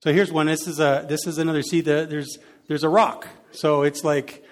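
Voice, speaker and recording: A man's voice: a little high, normal speed. Conversational preacher man in a reverberant hall. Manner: conversational, animated with sound effects. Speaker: pastor. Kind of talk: sermon.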